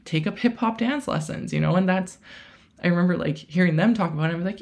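Talking quickly in a lowish, darkish voice, this thirty-something woman runs a solo podcast. It's a casual, chatty monologue full of fillers, and she acts out things she once said.

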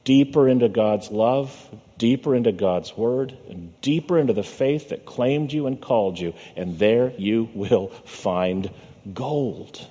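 A man preaching from the pulpit in a mid-pitched, mellow voice, leaning into a steady sermon rhythm. He slows and sinks low on key words. The long echo of a large church hall trails behind him. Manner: measured preaching cadence, slowing and dropping low on key words. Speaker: pastor. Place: church sanctuary.

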